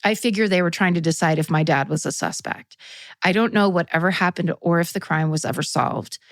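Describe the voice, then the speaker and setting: A woman's voice: on the low side, a little fast, fairly bright tone, no room sound. A woman co-hosting a podcast, reading a listener's story in an earnest, reflective manner. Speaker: podcast co-host.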